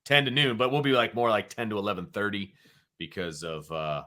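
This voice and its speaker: A man's voice: fairly low pitch, brisk. A middle-aged man co-hosting a casual sports talk show, a former football coach who speaks emphatically. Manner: animated, emphatic. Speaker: co-host, former high school football coach.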